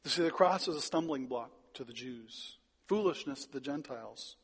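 A man preaching a sermon, stressing words loudly and then dropping quiet. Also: mid-range voice, expressive, moderate pace, husky, big-room sound. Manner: emphatic, swings between loud stresses and quiet drops. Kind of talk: sermon with Bible reading.

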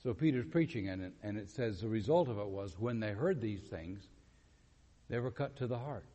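A man's voice: lowish voice, normal speed, highs cut off. A man preaching a sermon, telling a story, acting out the quotes and asking the congregation questions. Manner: animated, acts out quotes, asks the audience questions. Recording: long hall reverb.

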